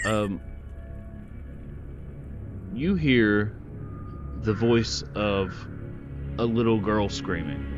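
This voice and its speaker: A man narrating as game master for a tabletop game, pausing often with ums as he describes scenes. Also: lowish voice, muffled recording. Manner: slow, hesitant narration with many ums.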